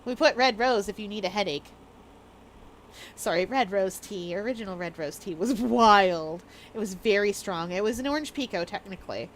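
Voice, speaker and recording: A woman's voice: mid-range voice, moderate pace, slight background noise. A woman streamer chatting casually with her viewers, bubbly and rambling, laughing often. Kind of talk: casual live-stream chat.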